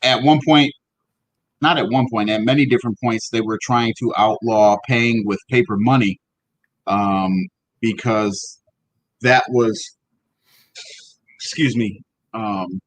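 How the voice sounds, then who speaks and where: A man co-hosting a casual history podcast, speaking bluntly with swearing and halting restarts. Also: fairly low pitch, fairly even intonation, dry recording, rough recording. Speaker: podcast co-host.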